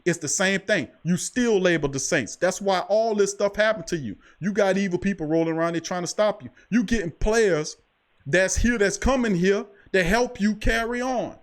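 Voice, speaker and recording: Man, high voice, sports talk host, preachy, emphatic, repetitive. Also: normal speed. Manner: preachy, emphatic, repeats "I'm telling you". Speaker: podcast host.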